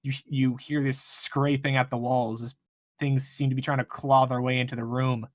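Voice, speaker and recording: A man's voice: mid-range voice, flat delivery, normal speed, no echo, clean studio sound. A man running a tabletop game as game master, thinking aloud with hesitant restarts.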